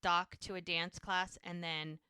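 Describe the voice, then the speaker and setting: A woman's voice: on the low side, level tone, measured pace, bright, forceful tone, smooth, dry recording, studio quality. A woman co-hosting a rewatch podcast, chattily recapping an episode scene by scene. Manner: chatty, retells scenes acting out lines.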